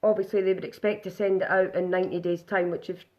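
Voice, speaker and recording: A woman's voice: fairly low pitch, level tone, fast talker. A woman chatting casually through a live makeup demonstration, narrating each step aloud.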